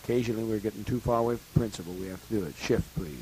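A man's voice: on the low side, racing, mellow, rough recording. A man leading a group meeting in a blunt, teasing way, prodding people for questions. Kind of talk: casual meeting talk. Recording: hissy old tape recording.

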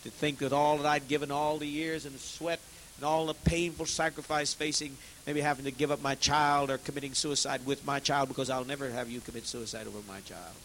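A man preaching to a congregation, swinging between loud, forceful outbursts and hushed, heavy tones, repeating phrases to exhort his listeners. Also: mid-range voice, steady tone, a little fast, a little hiss or hum, rough recording. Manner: repetitive, exhorting. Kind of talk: impassioned sermon.

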